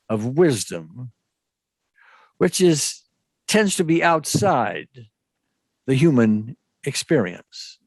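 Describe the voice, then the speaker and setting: A man's voice: medium pitch, dry recording. A man hosting an online webinar, talking in a loose, rambling way and checking in with "okay?". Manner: rambling, restarts and asks "okay?". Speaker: webinar host. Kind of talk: casual teaching talk. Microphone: video call.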